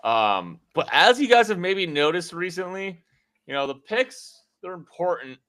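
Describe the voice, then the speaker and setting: A man's voice: sits high, very animated, a little slow, sharp tone. A man hosting a casual sports podcast, rambling and joking with lots of fillers. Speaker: podcast host. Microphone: podcast mic.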